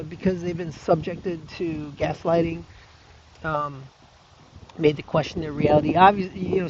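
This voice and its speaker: A man giving an earnest, reflective monologue to camera, speaking haltingly with many restarts and fillers and an occasional soft laugh. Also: on the high side, highs cut off. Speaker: video blogger.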